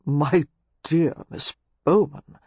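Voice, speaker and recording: A woman's voice: fairly low pitch, sing-song, moderate pace, darkish tone, husky, no echo. Woman doing an ardent young lord. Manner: earnest, flowery declarations. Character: ardent young English lord, besotted suitor. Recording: slightly muffled lo-fi recording.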